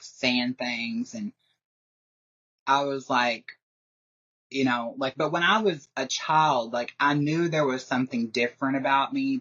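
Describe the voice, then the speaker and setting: A woman with a bass voice that's a bit bright chats casually as a podcast guest, rambling and packing her sentences with "like" while laughing often. The interview was captured on a dull lo-fi recording.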